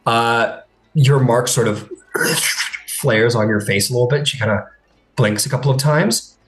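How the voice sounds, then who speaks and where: A man's voice: mid-range voice, a little slow. A man narrating as game master of a tabletop game in a loose, filler-heavy way.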